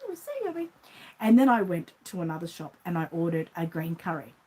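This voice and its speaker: A woman's voice: fairly low pitch, sing-song, brisk, mellow, slightly rough, poor audio. A middle-aged Australian woman who runs a doll shop, telling a rambling everyday story in a casual vlog and acting out the voices in it. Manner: chatty, rambling, acts out the voices in her anecdotes. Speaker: reborn doll shop owner.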